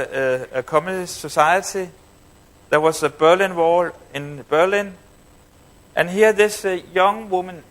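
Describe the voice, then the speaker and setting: A man in his fifties gives a storytelling keynote on stage, speaking to a live audience. His voice sits fairly high for a man, and he talks haltingly, with frequent fillers and restarts. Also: a bit bright. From Denmark. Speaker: conference speaker.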